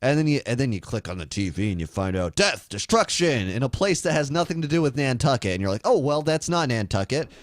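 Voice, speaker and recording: A man's voice: medium pitch, sing-song, quick pace, hardly any pauses, no echo, clean studio sound. A man co-hosting a call-in talk show, riffing crudely and slipping into mocking impressions. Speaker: radio show co-host. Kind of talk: irreverent comedic talk show banter.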